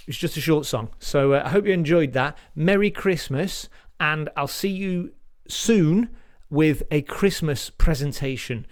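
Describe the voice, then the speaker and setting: A man's voice: fairly high pitch, unhurried, slight background noise. A man, likely in his forties, performing a stand-up comedy set in a rambling, self-deprecating way, with many restarts.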